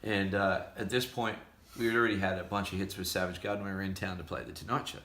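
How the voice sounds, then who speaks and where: An Australian man spinning a lively story in casual chat, slipping into the voices of the people in it. His low voice has a gravelly edge yet sounds bright and forceful. The room around him is echoey. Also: fast. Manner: animated storyteller acting out quoted voices. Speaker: musician.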